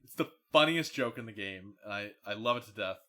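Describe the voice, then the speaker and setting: A young man co-hosting a podcast in casual chat, relaxed as he explains details and laughs easily. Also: fairly low pitch, fairly quick. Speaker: podcast co-host.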